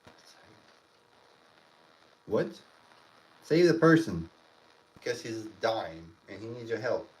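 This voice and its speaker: A man's voice: on the low side, sing-song, measured pace. A man, a father rambling through stories on a casual livestream, with many restarts. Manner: rambling, restarts a lot, emotional storytelling. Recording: distant mic with faint room noise.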